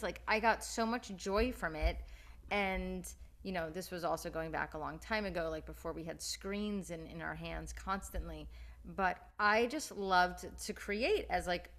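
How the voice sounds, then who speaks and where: A woman's voice: on the low side, normal speed. A woman podcast host in casual chat, encouraging and speaking straight to her listeners, with plenty of "like" along the way. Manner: warm-hearted and encouraging, talks straight to listeners.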